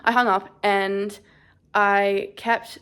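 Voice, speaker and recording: A woman's voice: mid-range voice, flat delivery, takes it slowly, fairly bright tone, smooth. A young woman vlogger, shaky and scared, rambling through a story in casual chat with lots of "like". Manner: shaken, rambling, heavy use of "like".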